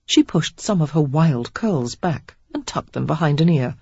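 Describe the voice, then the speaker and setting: An audiobook narrator reading a romance novel in steady, expressive storytelling. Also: mid-range voice, normal speed, hardly any pauses, breathy edge, dry recording. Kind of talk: scripted narration. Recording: dull lo-fi dry recording.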